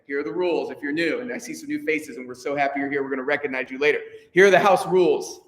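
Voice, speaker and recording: A man's voice: a little high, fast talker. A male choir director leading a rehearsal, upbeat and encouraging as he counts the singers in. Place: rehearsal hall. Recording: echoey hall with long reverb.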